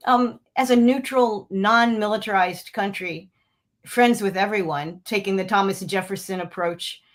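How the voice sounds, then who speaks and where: A woman's voice: medium pitch, unhurried. A woman who is a retired military officer, answering interview questions earnestly and with many hesitations.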